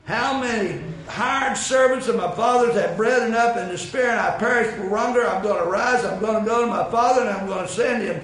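A man preaching a sermon, telling a folksy story with repeated phrases and building to impassioned shouted climaxes. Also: high voice, brisk, hardly any pauses. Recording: very echoey room with faint noise.

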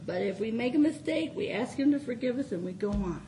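A woman's voice: fairly high pitch, animated, fairly quick, mellow, slight background noise, rough recording. An older woman giving an informal, folksy sermon in a small chapel, often laughing as she speaks. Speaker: preacher.

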